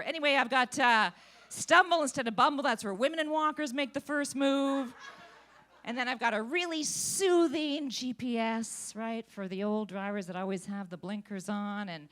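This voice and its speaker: A woman's voice: a little high, moderate pace, pushed and bright. A woman doing a stand-up comedy set on a comedy club stage, with a brash, bawdy, teasing delivery.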